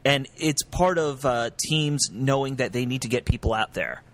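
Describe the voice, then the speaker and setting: A man's voice: medium pitch, moderate pace. A man co-hosting a casual sports podcast, chatty and full of asides. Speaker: podcast co-host.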